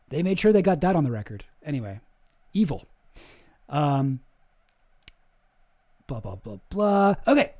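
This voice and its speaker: A young man on a live stream giving casual commentary, animated and swearing as he gets worked up. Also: sits high.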